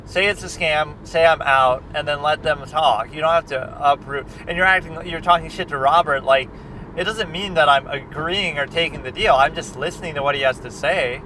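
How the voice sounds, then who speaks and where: A man's voice: a little high, normal speed, bright, forceful tone. A man in a casual reaction chat as a film critic, rambling and conversational, with lots of fillers and restarts. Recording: distant mic with street traffic noise.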